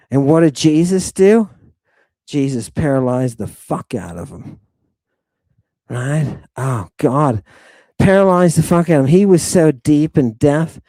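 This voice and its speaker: A man hosting a dramatic lecture, swinging from hushed asides to ranting, and swearing freely. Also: mid-range voice, no room sound. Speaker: host lecturing on ancient texts. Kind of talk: dramatic lecture to an online audience.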